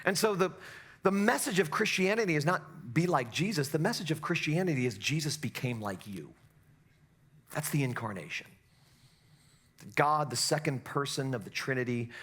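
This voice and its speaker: A middle-aged male pastor preaching a sermon in a church, swinging from quiet asides to loud, impassioned exhortation. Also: medium pitch, husky.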